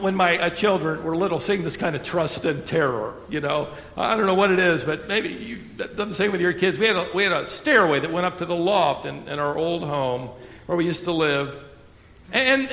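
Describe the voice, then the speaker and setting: A middle-aged male pastor preaching a sermon, expressive, drawing out key words slowly, with touches of humor. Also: sits high. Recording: echoey hall with long reverb.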